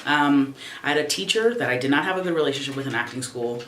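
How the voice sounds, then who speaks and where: A young adult woman vlogging casually at home, expressive, profane and sassy. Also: rumbling low, fast, roomy sound, a little hiss or hum. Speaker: YouTuber. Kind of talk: casual reflective vlog.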